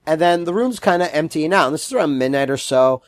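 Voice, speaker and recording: Animated man telling a story. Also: fast talker, no echo, studio quality. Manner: animated, acts out quotes with shifting pitch. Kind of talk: casual storytelling chat.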